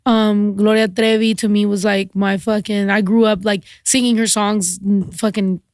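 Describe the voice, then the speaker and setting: A woman from Mexico, a podcast guest, chatting in a frank, animated way with casual swearing. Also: medium pitch, normal speed, dry recording, clean studio sound. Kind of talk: casual chat.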